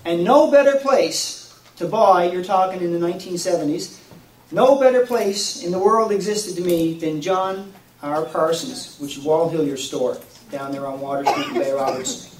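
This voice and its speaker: Newfoundland guy telling an old story, high-ish voice, echoey hall, bit far off from the mic. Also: moderate pace. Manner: folksy, warm-hearted, lively with laughs. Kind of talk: told personal story at a live event. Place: community hall at a Christmas event. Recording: echoey room, mic at a distance, faint noise.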